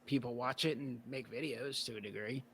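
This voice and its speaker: A male card-collector guest in a casual conversation, relaxed and rambling with plenty of "you know" fillers. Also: mid-range voice, brisk, slight background noise.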